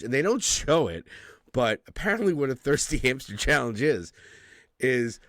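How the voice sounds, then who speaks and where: A man's voice: mid-range voice, very animated, normal speed, a bit bright, no echo, studio quality. A man in his forties co-hosting a podcast, telling stories in casual chat, swearing freely and laughing often. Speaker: podcast co-host.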